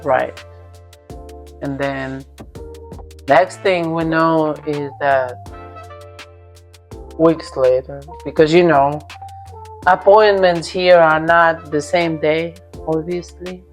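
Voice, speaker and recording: A woman's voice: low voice, fairly even intonation, slow, long pauses, soft background music. A young woman from Russia with a Russian accent, bluntly telling a personal story and swearing freely. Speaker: vlogger.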